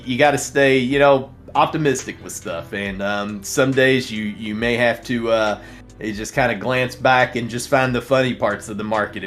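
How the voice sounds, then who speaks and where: A man's voice: medium pitch, a bit bright. A man hosting a live trading stream, chatting casually and reading out viewer comments, laughing often and rambling with many restarts. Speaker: livestream trading show host.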